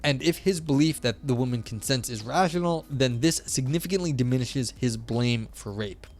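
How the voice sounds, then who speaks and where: A man's voice: mid-range voice, normal speed, darkish tone. A man streaming live, reading a philosophy paper aloud and chatting with his viewers in a loose, self-deprecating way.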